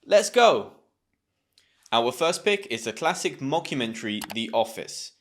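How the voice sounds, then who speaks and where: A man's voice: medium pitch, big pitch swings, a little slow, fairly bright tone, slight background noise. A man with a British accent teaching English in an upbeat, chatty YouTube lesson. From Britain.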